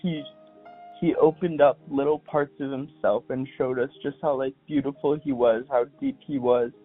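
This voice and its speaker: A young man, a podcast guest, speaking in a soft, halting, heartfelt way as he reads aloud and chats. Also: mid-range voice, fairly even intonation. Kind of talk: reading aloud and casual phone chat. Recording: tinny phone line with faint music.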